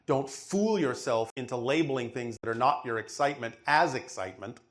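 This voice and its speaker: A man gives a channeled spiritual teaching in reply to a questioner, his mid-range voice lively in intonation, a little fast, and fairly bright in tone. He lectures emphatically and keeps checking that he is being understood.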